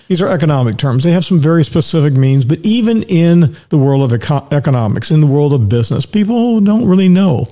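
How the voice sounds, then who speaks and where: A man's voice: fairly high pitch, dark tone. An older man hosting his own podcast, talking casually and folksily, piling up rhetorical questions and anecdotes from a home studio. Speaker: podcast host. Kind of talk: casual monologue.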